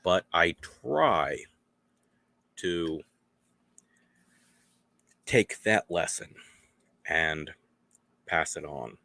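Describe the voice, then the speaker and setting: A man rambles through a solo podcast, drifting between thoughts and acting out small exchanges. His voice sits very low and his delivery is unhurried. The recording is dry, with no room sound. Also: expressive, gravelly, sharp tone, dry recording. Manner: meandering, acts out little dialogues. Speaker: podcast host.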